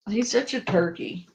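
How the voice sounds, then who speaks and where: A woman's voice: a little high, darkish tone, lo-fi sound. A woman hosting a live stream, chatting casually and playfully scolding her pet. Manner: playful, talks to her pet while reacting. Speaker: stream host.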